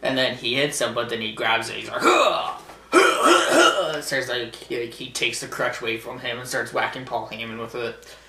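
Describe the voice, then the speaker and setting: A man's voice: mid-range voice, level tone, a little fast, bright, forceful tone. Rambling young man in an echoey room. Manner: rambling, laughs often, acts out wrestlers' lines. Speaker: wrestling vlogger. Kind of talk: casual show recap.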